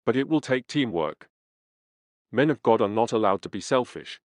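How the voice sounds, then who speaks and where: A man reading a first-person memoir aloud as an audiobook narrator, in a measured, earnest way. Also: medium pitch, animated, no echo. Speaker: audiobook reader.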